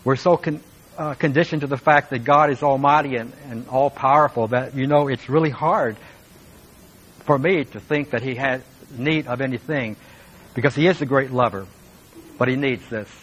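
A man's voice: mid-range voice, normal speed, fairly bright tone, a little hiss or hum, rough recording. Earnest male pastor preaching. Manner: earnest, emphatic preaching with asides to the congregation. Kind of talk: sermon.

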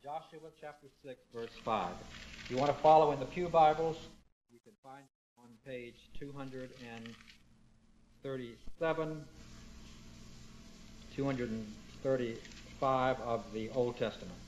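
A man's voice: medium pitch, steady tone, a little slow, long pauses, a little mellow. A man preaching a sermon to a church congregation, quoting scripture with strong emphasis and putting questions to the room. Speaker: pastor. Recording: dull lo-fi sound.

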